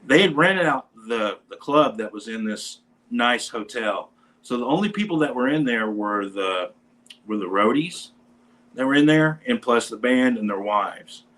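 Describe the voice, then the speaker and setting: A man's voice: mid-range voice, unhurried. A man, a musician guest on a talk show, telling a casual anecdote with animation and acting out what people said. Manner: animated storyteller who acts out quoted lines.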